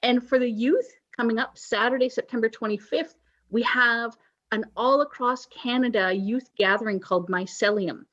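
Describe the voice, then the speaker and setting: A woman with a slightly high voice hosts a service, joking playfully and reading announcements. The sound is a bit dull and lo-fi. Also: normal speed, a bit bright. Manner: playful, joking, with pirate banter. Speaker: worship service host. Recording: dull lo-fi recording.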